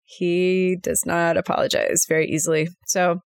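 A woman's voice: fairly low pitch, flat delivery, moderate pace, creaky, clear, resonant tone, no echo, clean studio sound. A middle-aged woman co-hosting a casual chat, telling personal stories in a chatty, emotional way. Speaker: podcast co-host.

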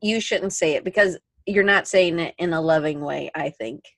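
A woman hosting a casual podcast interview, offering opinions and quick asides. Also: low-pitched, a bit bright. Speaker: podcast host.

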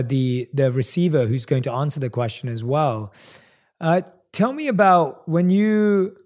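A man's voice: medium pitch, a little mellow. A man hosting an interview, affirming his guest's answers and asking reflective questions. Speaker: podcast host. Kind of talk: conversational interview.

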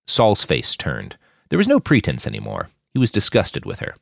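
A man hosting a fiction podcast, reading his own story aloud with expressive scripted narration. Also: fairly low pitch, normal speed, gravelly, no room sound, clean studio sound. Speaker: podcast host and fiction author.

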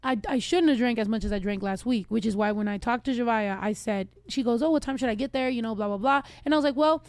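A young woman hosts a podcast in loose, joking casual chat, swearing freely. Her voice sits high with a lot of gravelly fry. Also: fast, no echo. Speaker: podcast host.

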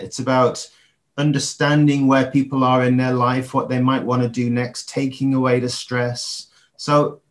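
An English man in his forties speaks as a podcast guest, with an ordinary mid-range pitch. He talks reflectively, pausing on fillers and restarting his phrases as he thinks. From England. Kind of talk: podcast interview.

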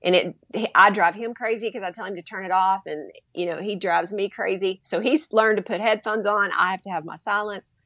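A woman's voice: medium pitch, a little fast, hardly any pauses, no echo, studio quality. A woman, a mother, talking animatedly as a guest in a casual interview and acting out bits of dialogue. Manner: animated, acts out quoted dialogue.

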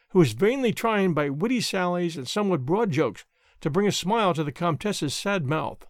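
Male audiobook narrator, high voice, animated reading, dry close mic. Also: no echo. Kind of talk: scripted narration of a classic novel.

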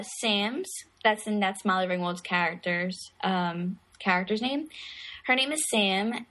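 A woman co-hosting a casual chat about a movie, chatty and quick to laugh. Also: medium pitch, a bit bright. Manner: chatty, laughs often, acts out quotes. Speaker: podcast co-host.

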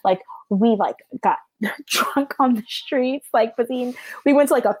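A woman in her thirties, a podcast guest telling stories in a chatty way, full of "like" and jumping high when she laughs. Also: unhurried, slightly rough, dry recording. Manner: chatty, says "like" a lot, jumps to high squeals when laughing. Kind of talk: casual storytelling chat.

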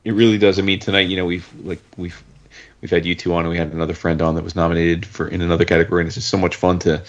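A man hosting a podcast, talking in halting bursts with many restarts, enthusiastic about his guests. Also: low-pitched, flat delivery, highs cut off. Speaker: podcast host. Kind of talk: casual chat.

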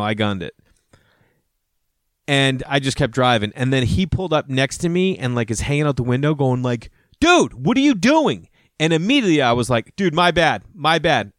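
A man's voice: medium pitch, dry recording, studio quality. A man in his thirties telling rambling, profane stories in a casual monologue, acting out both sides of each conversation.

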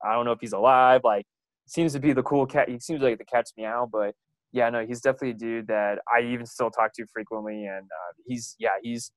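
A man's voice: mid-range voice, steady tone, brisk, no echo, rough recording. A young man, a runner, telling rambling stories about his coach with lots of fillers and laughs. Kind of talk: casual storytelling.

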